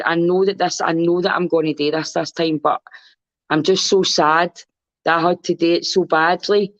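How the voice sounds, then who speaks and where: A woman's voice: lowish voice, dry recording. A Scottish woman speaking as a podcast guest in casual chat, rambling and candid and swearing freely. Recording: dull lo-fi recording.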